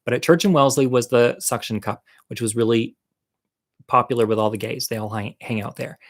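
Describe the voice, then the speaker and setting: A man's voice: mid-range voice, fairly quick. A man telling a comic personal story in a casual monologue, campy and candid, with chatty, self-deprecating asides to the viewer.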